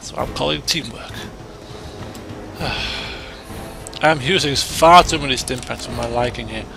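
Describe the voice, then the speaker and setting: A man with a gravelly voice giving excitable let's play commentary, dropping to mutters and then bursting into shouts, with game music behind. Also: medium pitch, a little slow. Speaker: gamer. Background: game music and sound effects.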